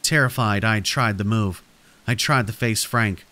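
A man reading a scripted horror story aloud in a measured, dramatic way. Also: fairly low pitch, sharp tone.

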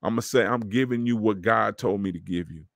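A man's voice: lowish voice, a little fast, creaky, no room sound. A man hosting a podcast, talking in a casual, slangy, preachy way to his listeners. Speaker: podcast host. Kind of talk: motivational podcast monologue.

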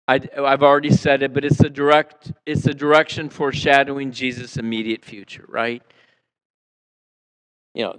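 A male pastor preaching a sermon in a church, acting out quotes and swinging between loud and soft. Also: mid-range voice, clear, resonant tone, rough recording. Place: church sanctuary.

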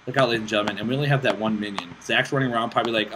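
Excitable young man joking through a game. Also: lowish voice, rapid-fire, low-quality recording. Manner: excitable, joking and self-mocking, swears often. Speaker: gaming channel host. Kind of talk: casual gameplay commentary. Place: indoors, playing on a laptop with friends in the room. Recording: steady background noise with mouse clicks.

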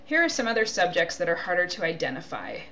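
A woman's voice: fairly low pitch, huge pitch swings, fast talker, pushed and bright, a little hiss or hum. A woman giving a recorded grammar lecture, explaining points through spoken example sentences and checking in with "okay?". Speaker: grammar teacher.

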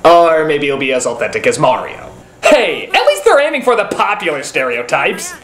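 A woman hosting a comedic film review, sarcastic and ranting with shouting bursts. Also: sits low, sing-song, moderate pace, reverberant, soft background music. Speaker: film review show host.

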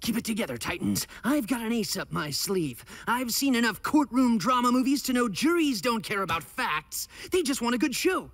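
An actor voicing a bossy, scheming teen boy hero leader in a TV cartoon, talking fast, eager and showy. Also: mid-range voice, very animated, a bit bright, no room sound. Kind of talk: TV cartoon voice acting.

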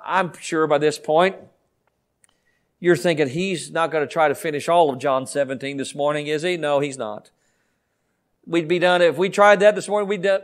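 A Southern American pastor preaching a fervent sermon in a church, swinging from quiet pleading to shouting. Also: male voice, fairly high pitch. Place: church sanctuary.

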